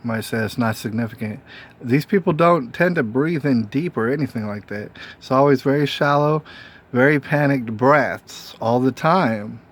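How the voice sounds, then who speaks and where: A man's voice: mid-range voice, moderate pace. Rambling man in a casual monologue. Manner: meandering, frequent fillers and rhetorical questions. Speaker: host.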